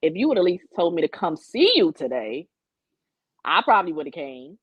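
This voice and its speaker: A woman's voice: low voice, big pitch swings, normal speed, slightly rough, no room sound. Candid young woman telling dating stories. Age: young adult. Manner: candid, storytelling, swears freely. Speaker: podcast co-host. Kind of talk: casual chat. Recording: dull lo-fi sound.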